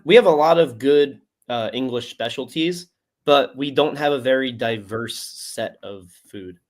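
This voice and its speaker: Male co-host, mid-pitched, relaxed and hesitant, plenty of "uh"s. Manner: easygoing, hesitant, many fillers. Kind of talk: casual sports talk.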